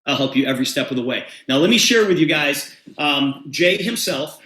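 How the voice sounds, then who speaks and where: A man with a somewhat high voice tells a story to an audience and acts out both sides of the dialogue. The sound is roomy, with an echo behind him. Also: animated, fairly quick, sharp tone. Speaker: presenter. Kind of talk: storytelling testimonial.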